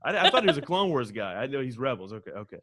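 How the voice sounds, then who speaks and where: A man co-hosting a podcast in casual chat, excitable and ranting, swearing freely. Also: mid-range voice, rapid-fire, a crowd in the background. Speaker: podcast co-host.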